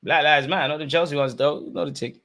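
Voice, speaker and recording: A young man, commentating live on a football match for his viewers and shouting at the screen. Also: fairly high pitch, fast talker, gravelly, a little hiss or hum. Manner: excitable, swings from muttering to shouting at the screen. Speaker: football watchalong host. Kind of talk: live watchalong commentary, casual.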